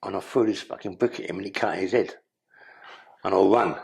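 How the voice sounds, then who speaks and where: An older man with a London accent tells his story in a blunt, streetwise way, swearing freely. His voice sits low and comes out gravelly. It also has a husky edge. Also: fairly quick, darkish tone. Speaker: guest. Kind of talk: storytelling interview.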